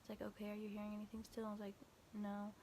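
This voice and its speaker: A young woman recounts a frightening night in a loose, rambling storytime, forever quoting what was said with "I was like." Her voice stays flat in pitch and has a gravelly fry. A faint ambient hiss sits behind her. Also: very fast. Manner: quotes texts with constant "I was like", "he's like"; rambling, filler-heavy, frequent restarts. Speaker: vlogger. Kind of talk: casual storytime retelling.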